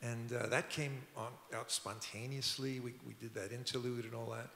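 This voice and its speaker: A man's voice: medium pitch, little pitch movement, moderate pace, gravelly, fairly bright tone, slight background noise. An older man, a record producer, telling rambling anecdotes at a public talk in a museum auditorium. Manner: rambling, conversational, frequent restarts. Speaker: record producer and musician, guest. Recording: echoey hall.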